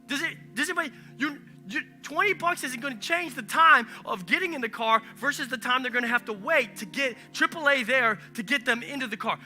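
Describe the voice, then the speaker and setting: Pastor guy preaching in church, real high voice, chatty with the crowd, faint music behind. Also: fairly quick. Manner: animated, conversational preaching with asides to the congregation. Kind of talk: sermon. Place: church sanctuary. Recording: live church stream with music.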